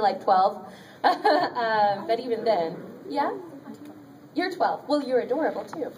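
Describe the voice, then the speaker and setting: A woman's voice: medium pitch, slow pace, a little mellow, a little hiss or hum. A woman voice actor speaking on a convention panel, giving chatty, upbeat career advice with many ums and small laughs. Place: convention panel room with an audience. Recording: distant audience recording in a convention room.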